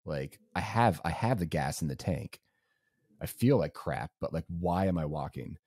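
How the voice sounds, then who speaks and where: A man's voice: deep voice, expressive, normal speed, a little mellow, slightly rough, dry recording, clean studio sound. A young man co-hosting a podcast, telling a race story casually and rambling with lots of fillers. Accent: Southern US. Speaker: podcast co-host.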